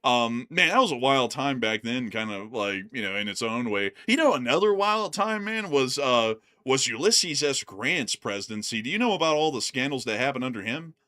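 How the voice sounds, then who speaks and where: A man's voice: medium pitch, big pitch swings, normal speed, hardly any pauses, pushed and bright. An American man co-hosting a channel, chatting casually and rambling with lots of "like" and "man" between laughs. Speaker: co-host of a news commentary channel. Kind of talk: casual chat.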